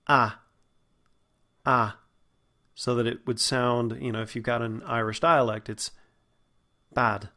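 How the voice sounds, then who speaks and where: A man's voice: medium pitch, a bit bright. A man, hosting an acting podcast and patiently teaching vowel sounds. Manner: patient, instructive, demonstrates sounds slowly. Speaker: acting and dialect coach, podcast host. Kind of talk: spoken lesson on vowel sounds.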